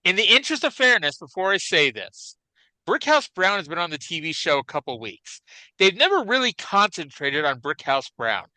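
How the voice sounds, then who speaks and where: A man riffing on a casual podcast, rambling and restarting his sentences as he goes. His voice is bright and punchy, and it jumps up and down in pitch. The sound is close and dry, with no room around it. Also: normal speed, no echo, poor audio. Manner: animated, rambling, frequent restarts and fillers. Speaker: podcast co-host. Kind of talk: casual chat about classic wrestling.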